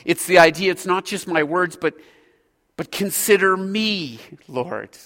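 Guy pastor preaching, high bright voice, earnest and slow in spots, big echoey church. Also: expressive. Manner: earnest, preaching with measured pauses. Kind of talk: sermon. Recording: hall reverb.

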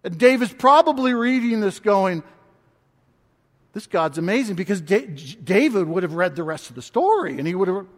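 A man preaching a sermon, reading scripture and speaking with passion that builds to near shouts. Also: high-pitched, very animated, moderate pace. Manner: impassioned, rising to shouts when quoting. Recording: long hall reverb.

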